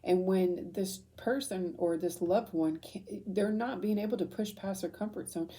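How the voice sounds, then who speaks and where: A woman's voice: mid-range voice, normal speed, dark tone. A woman in her thirties giving a rambling, emotional tarot reading, choked up and full of fillers and restarts. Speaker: tarot reader. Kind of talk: casual intuitive reading.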